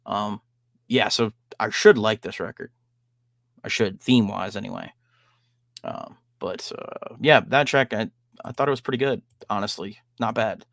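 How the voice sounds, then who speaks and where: A man's voice: lowish voice, moderate pace, gravelly, a bit bright, no echo, clean studio sound. A man hosting a podcast, chatting casually about a record he just heard, rambling with many fillers and frank swearing. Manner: rambling, lots of "like" and "um". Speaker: podcast host. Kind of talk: casual music review chat.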